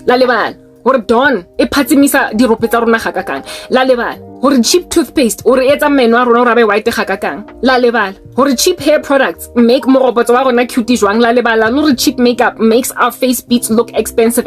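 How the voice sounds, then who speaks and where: A South African woman giving emphatic, outspoken personal commentary in a vlog, repeating her points for weight. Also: fairly high pitch. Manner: emphatic and outspoken, with heavy repetition. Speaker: vlogger.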